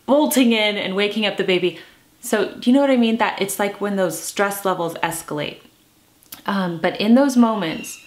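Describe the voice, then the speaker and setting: A woman in her thirties talks straight to her viewers in a calm, earnest vlog style. Her voice sits a little low, and she slows down deliberately when she wants a point to land. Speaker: lifestyle vlogger. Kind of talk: casual talk to camera.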